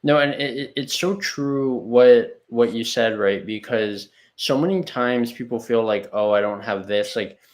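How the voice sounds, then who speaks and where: A man's voice: medium pitch, a little slow, hardly any pauses. A man hosting an interview show, speaking in an affirming, meandering way with many restarts. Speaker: show host. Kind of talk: interview conversation.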